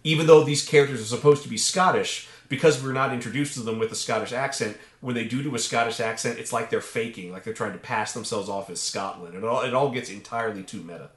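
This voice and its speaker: A man's voice: mid-range voice, fast talker, few pauses. A man co-hosting a podcast, chatting casually about a movie in a playful, joking way and reaching for odd metaphors. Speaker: podcast co-host. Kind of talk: casual movie review chat. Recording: roomy echoey mic.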